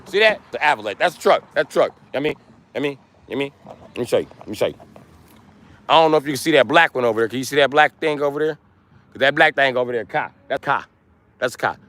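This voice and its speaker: A man's voice: medium pitch, quick pace, a bit bright. A man livestreaming to his chat in a crude, taunting rant, hammering points home by repeating them, outdoors near parked vehicles. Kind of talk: live stream rant to chat.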